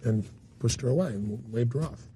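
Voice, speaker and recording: A man's voice: normal speed, dark tone, a little hiss or hum. A man speaking as a motivational speaker in a candid interview, telling stories bluntly and emphatically. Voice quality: deep gravelly raspy voice. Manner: blunt, emphatic storyteller with occasional swearing.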